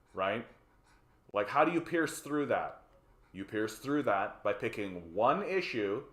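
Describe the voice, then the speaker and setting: A man's voice: medium pitch, a bit bright. Canadian man, livestream host, casual profane rants, mid voice, roomy sound. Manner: profane, rambling, tags lines with "right?". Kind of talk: casual political commentary.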